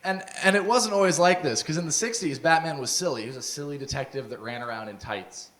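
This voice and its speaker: A young man doing a deadpan stand-up set of dark one-liners. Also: a little high, fast. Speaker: stand-up comedian. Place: comedy showcase stage. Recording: live with loud audience. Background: audience laughter.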